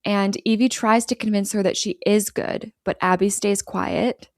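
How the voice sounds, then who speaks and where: A woman's voice: medium pitch, steady tone, normal speed, darkish tone, dry recording, clean studio sound. Woman casually recapping a film plot. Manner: acts out quoted lines, laughs often. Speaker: podcast host recapping a film.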